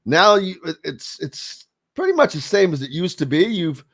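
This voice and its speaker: A man's voice: sits high, very animated, moderate pace, fairly bright tone. A man hosting a sports radio show, speaking in a rambling casual way with lots of fillers and restarts.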